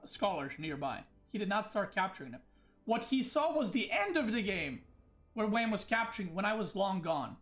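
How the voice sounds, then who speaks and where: A man's voice: high-pitched, a bit bright. Agitated man ranting on a livestream. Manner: agitated, ranting, frequent restarts. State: upset. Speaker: esports player and streamer. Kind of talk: livestream rant.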